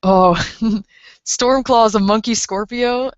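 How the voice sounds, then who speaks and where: A woman's voice: mid-range voice, unhurried, pauses often, clear, resonant tone, no room sound. A woman in her twenties livestreaming from home, chatting casually in a rambling, filler-heavy way and reading viewers' messages aloud. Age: 20s. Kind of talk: casual stream chat. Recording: dull lo-fi stream mic.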